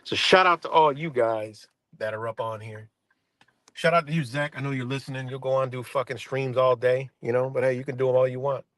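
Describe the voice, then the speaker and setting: A man's voice: medium pitch, steady tone, a little fast, a bit bright, dry recording. A man on a live stream, ranting in a heated and confrontational way, swearing often and repeating himself. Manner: profane, confrontational, repetitive.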